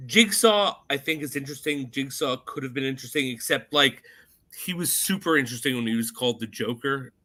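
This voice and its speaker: A man co-hosting a casual movie podcast, animated and quick to laugh. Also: medium pitch. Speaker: podcast co-host.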